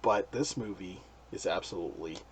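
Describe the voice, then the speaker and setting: A man's voice: deep voice, normal speed. A man hosting a casual movie review podcast, joking and handing the turn to others. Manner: lively, joking, playful outbursts. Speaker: podcast host.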